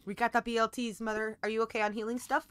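A woman hosting a co-op gameplay session, playful and excitable, chattering, singing and shouting at the game. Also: a little high, quick pace, a little hiss or hum. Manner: playful, excitable, breaks into sing-song and shouts. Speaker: gaming channel host.

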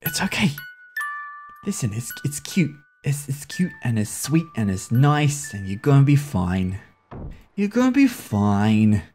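A man's voice: medium pitch, big pitch swings, a little slow, a little mellow, faint music behind. A man nervously talking through a horror game, swearing often and coaxing the characters on screen. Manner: nervous, swears often, voice leaps up when startled; coaxes and scolds characters on screen. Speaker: gaming video host. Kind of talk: anxious horror-game commentary.

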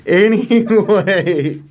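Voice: mid-range voice, extremely slow, crowd noise. A young adult in casual chat with friends, giggly and teasing, who tells crude jokes and loses track of stories.

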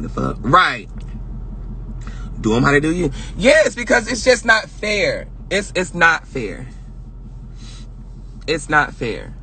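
A man hosting a casual livestream rant, loud and projecting, sassy and profane, laughing often. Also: fairly high pitch, very animated, slow, pauses often, a little hiss or hum. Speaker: livestream host.

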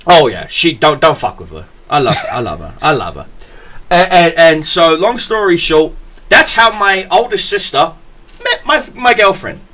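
A young man, a podcast host telling stories in casual chat, profane and animated, acting out the people he quotes. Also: fairly high pitch, moderate pace.

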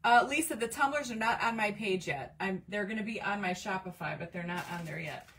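A woman's voice: medium pitch, brisk, a bit bright, recorded from a distance, a little hiss or hum. A woman hosting a casual craft live stream from her home craft room, chatting with viewers and reading their comments aloud while she works, with lots of fillers. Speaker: livestream craft host.

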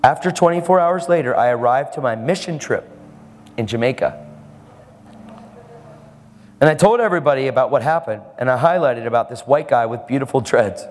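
Guy preaching and telling a story, mid-pitched voice, echo from a big hall. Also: a little fast, long pauses. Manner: animated storytelling, acting out the other people in his story. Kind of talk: sermon storytelling. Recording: live hall with long reverb and faint ambience.

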